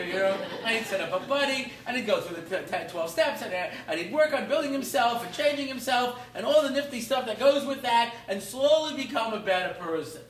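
A man's voice: extremely high pitch, lively intonation, fairly quick, hardly any pauses, a bit bright. A middle-aged man teaching a class as a rabbi, in a humorous, rambling lecture style that mixes in Hebrew terms. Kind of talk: informal Torah lecture. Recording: roomy echo, faint room noise.

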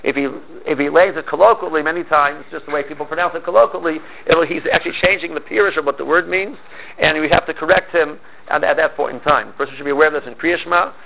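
A man teaching a class, talking in a halting way with many restarts. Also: on the high side, vocal fry. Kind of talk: lecture on Hebrew grammar. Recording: tinny phone-like line, faint hiss.

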